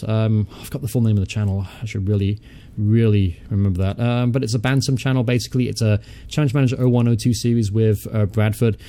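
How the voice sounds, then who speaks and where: Young male let's-play host, low-ish mellow tone, chatty, mutters and swears offhand. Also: fairly even intonation, fast, hardly any pauses, clean tone. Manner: chatty, thinks aloud, mutters and swears casually. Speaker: gaming channel host. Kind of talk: casual let's-play commentary.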